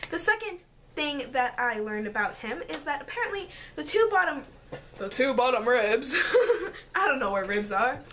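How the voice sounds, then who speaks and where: A teenage girl chats to her camera from her bedroom, bubbly and quick to laugh as she acts out conversations. Her voice sits high and bright. A faint hum of the room runs underneath. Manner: energetic, animated, acts out quotes, giggly. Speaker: vlogger. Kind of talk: casual storytelling vlog. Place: bedroom at home.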